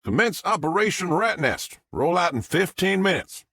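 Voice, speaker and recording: A man's voice: sits high, very animated, normal speed, bright, forceful tone, no room sound, voice pushed up, exaggerated voice. A man doing a swaggering Southern sergeant. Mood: commanding. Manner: heavy twang, swaggering and dismissive. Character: brash military sergeant, man, middle-aged, confident.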